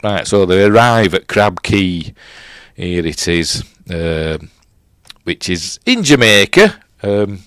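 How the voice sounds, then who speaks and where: A man's voice: low voice, sing-song, takes it slowly, fairly bright tone, no room sound, clean studio sound. Chatty Yorkshire man reviewing a film. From Yorkshire, England. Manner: rambling, chatty, self-correcting with chuckles and fillers. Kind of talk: casual film commentary with live chat.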